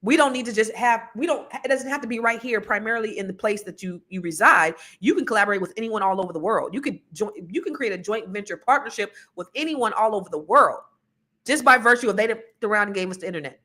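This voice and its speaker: A woman talking casually on a podcast, chatty and energetic, breaking into laughs and quick side notes. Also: medium pitch. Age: adult with children. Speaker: podcast co-host.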